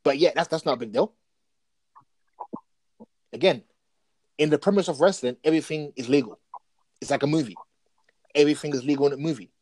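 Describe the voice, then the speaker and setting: A man talking casually about wrestling as a podcast co-host, telling stories in an animated, excitable way. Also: fairly high pitch, a little fast, pauses often, no echo, low-quality recording.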